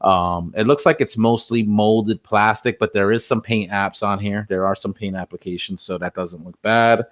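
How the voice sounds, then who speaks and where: A man's voice: on the low side, fairly even intonation, moderate pace, few pauses, no echo, clean studio sound. A man co-hosting a casual toy unboxing, describing the figure in an easygoing way with plenty of "um"s. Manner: easygoing, descriptive, many fillers. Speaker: co-host reviewing a toy figure.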